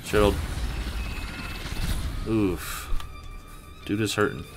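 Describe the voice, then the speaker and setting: A young man commentating on his playthrough, excitable and often swearing. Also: lowish voice, very slow, music in the background. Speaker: gaming channel host. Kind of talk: let's play commentary.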